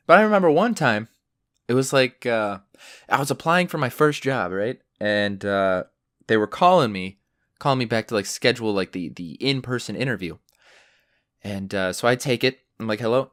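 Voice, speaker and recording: Young man ranting with lively pitch. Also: normal speed, no room sound, clean studio sound. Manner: profane, ranting storyteller. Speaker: podcast host. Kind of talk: solo podcast rant.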